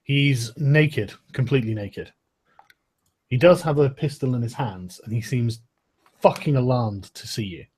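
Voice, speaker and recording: A man's voice: mid-range voice, measured pace, a little mellow, slightly rough. A man narrating as game master in a casual tabletop session, swearing freely.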